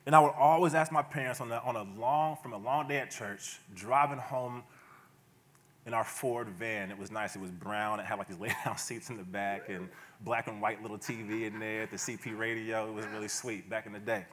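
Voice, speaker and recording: A man preaching a sermon to his church in a relaxed, conversational way, often chuckling and slipping into playful asides. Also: lowish voice, normal speed, slight background noise. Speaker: pastor. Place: church sanctuary.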